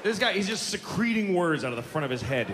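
A man's voice: sits high, sing-song, fast talker, a crowd in the background, background noise. A man doing a profane, ranting stand-up comedy set on a theater stage, mocking how people talk. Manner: profane, ranting, mocking impressions of dull speakers. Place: large theater stage with live audience. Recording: live concert recording with audience laughter.

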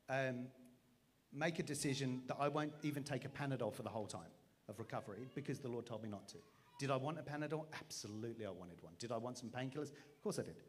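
A man, preaching through a funny personal story with a self-mocking, animated manner and acted-out voices. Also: mid-range voice, slightly rough. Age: 40s. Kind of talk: storytelling sermon.

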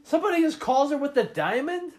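A man's voice: very high voice, sing-song, a little fast, darkish tone. A man hosting a podcast, chatting casually about a movie while he watches it, swearing often and mocking the plot. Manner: profane, joking, mocking the plot. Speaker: podcast host.

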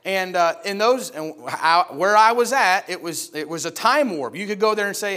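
Middle-aged man, from upstate New York, preacher, storytelling sermon, fairly high voice, acts out quotes loudly, soft for serious parts. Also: a little fast, hardly any pauses. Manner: animated, acts out voices of people in his story with loud high shouts.

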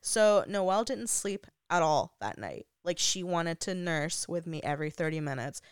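A woman's voice: lowish voice, animated, normal speed, clear, resonant tone, dry recording, clean studio sound. A young woman vlogger telling a personal story in a casual, chatty way, full of "like" fillers and frequent laughs. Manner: laughs often while talking.

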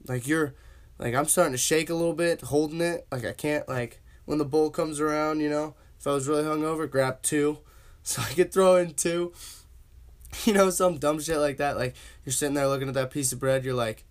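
A man's voice: fairly high pitch, fairly even intonation, moderate pace. A young man casually telling a funny personal story as host of his own podcast, slangy and laughing along. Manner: laid-back, slangy, laughs while telling.

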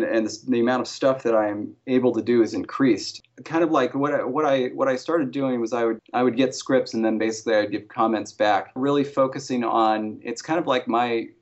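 A man's voice: medium pitch, normal speed, hardly any pauses. A man who consults on invented alien languages for a TV series, answering interview questions casually with many restarts and fillers. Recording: dull lo-fi sound.

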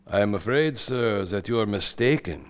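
An actor playing a formal, hushed psychiatrist in a 1940s radio drama, with stiff, careful phrasing. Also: male voice, fairly low pitch, expressive, moderate pace, clear, resonant tone, natural voice. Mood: grave. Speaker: doctor.

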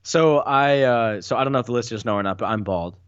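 A man's voice: medium pitch, quick pace, clean tone, no echo. A man guesting on a podcast, talking in a rambling, hesitant way with many ums. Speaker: podcast guest, basketball writer. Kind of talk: casual chat. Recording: dull dry lo-fi sound.

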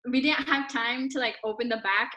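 Rambling teenage girl, fairly high voice. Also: brisk, bright, forceful tone. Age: teens. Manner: rambling, filler-heavy retelling. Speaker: storyteller among friends. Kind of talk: casual chat.

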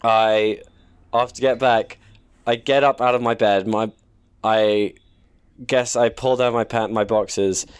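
A man's voice: fairly low pitch, steady tone, slow pace, long pauses, clean tone. A young man in his twenties, casual chat as podcast co-host, telling rambling self-deprecating stories with many restarts.

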